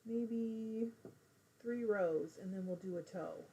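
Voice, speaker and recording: A woman's voice: medium pitch, slow pace, mellow, slight background noise. A middle-aged woman hosting a casual live crafting stream from home, chatting while she knits and reading viewer comments aloud.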